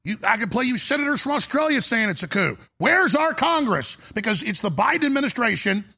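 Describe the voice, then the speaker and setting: A man hosts a talk radio show in a fierce, urgent rant. His voice sits high for a man and has a rough, husky rasp. The tone is bright and pressing throughout. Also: lively intonation, quick pace. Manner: forceful, urgent ranting. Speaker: host.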